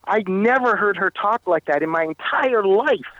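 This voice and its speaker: Halting man on a muffled remote line. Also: high voice, animated, dry recording. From Canada. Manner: halting, repeats and restarts phrases. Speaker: guest. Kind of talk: telling a personal story in an interview.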